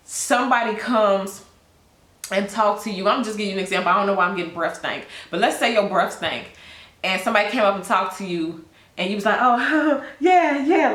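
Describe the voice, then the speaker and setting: A woman doing a casual tarot reading, chatty and blunt, with big jumps in pitch. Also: fairly bright tone, echoey room. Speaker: tarot reader.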